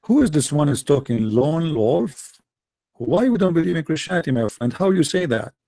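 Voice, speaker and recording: Man, taunting debate host, dark mellow tone, dry close sound. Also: fairly high pitch, sing-song, moderate pace, no room sound. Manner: mocking, taunting, repetitive rhetorical questions. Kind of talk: confrontational live-stream debate.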